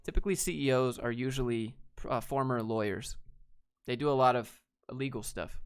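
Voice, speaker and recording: A man's voice: medium pitch, normal speed, smooth. Laid-back man answering live chat. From Georgia, US. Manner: laid-back, reads viewer questions aloud and answers bluntly, says dude. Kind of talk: casual livestream chat.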